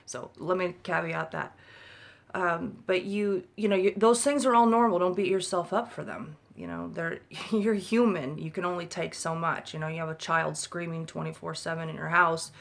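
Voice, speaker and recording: A woman's voice: on the low side, animated, moderate pace, gravelly. A woman speaking as the mother of an autistic child, giving blunt, emphatic advice to other parents in a rambling monologue with casual swearing, recorded in a room at home.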